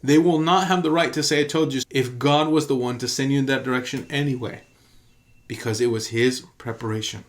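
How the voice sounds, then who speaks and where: A man's voice: mid-range voice, fairly quick. A man, a pastor, teaching in an earnest and emphatic sermon style, telling a story and repeating key phrases for emphasis.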